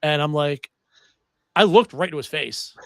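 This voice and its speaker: A young man hosting a podcast, chatting casually and telling animated stories with some swearing. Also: a little high, a little slow, creaky, no room sound. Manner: animated storyteller, swears freely. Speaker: podcast host. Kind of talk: casual chat.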